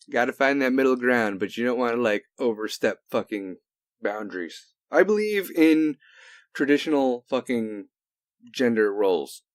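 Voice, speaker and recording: A man hosting a solo talk show in a heated, profane rant that swings between loud outbursts and low mutters. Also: lively intonation, unhurried, no room sound, clean studio sound. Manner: heavy cursing, heated. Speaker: podcast host.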